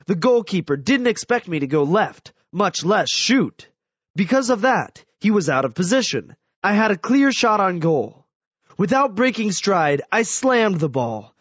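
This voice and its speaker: A man reading a first-person story aloud as scripted audiobook narration, telling it in an animated way. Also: sits high, a little slow, breathy edge, dry recording, highs cut off.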